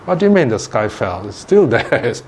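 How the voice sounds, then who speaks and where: A man's voice: mid-range voice, very animated, moderate pace, darkish tone, slight background noise, natural voice. A man voicing a wise, proud young male lion in a spoken parable, asking commanding questions. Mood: calm, commanding.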